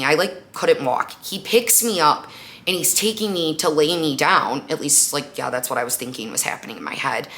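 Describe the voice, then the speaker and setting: A woman's voice: low voice, normal speed. A young woman hosting a podcast, chatting casually through a personal story with lots of "like" and acted-out quotes. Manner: chatty, animated retelling with frequent "like" and acted-out quotes. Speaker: podcast host.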